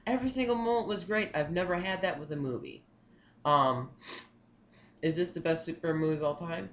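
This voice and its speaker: A young man giving his movie opinions in a casual vlog, rambling and excitable, repeating himself often. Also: on the high side, a little fast, highs cut off. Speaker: vlogger.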